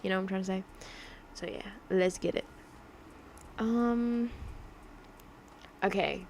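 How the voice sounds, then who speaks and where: A woman's voice: mid-range voice, fairly even intonation, slow, a little mellow, slight background noise. A young woman livestreaming her digital drawing, chatting casually and rambling with lots of fillers and laughs, her accent drifting in a mix of mimicked accents.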